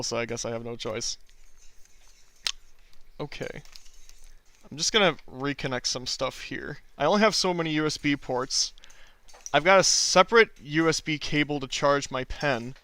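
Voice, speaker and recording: A man's voice: mid-range voice, bright, forceful tone, clear, resonant tone, dry recording. A man casually chatting on a drawing livestream, easygoing and self-deprecating, chuckling often as he answers chat. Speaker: artist streaming drawing requests and Q&A.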